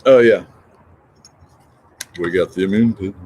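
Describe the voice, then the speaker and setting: A man's voice: low voice, measured pace, a little mellow, slight background noise. A middle-aged man chatting casually on a morning livestream, reading out comments and joking. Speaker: livestream host.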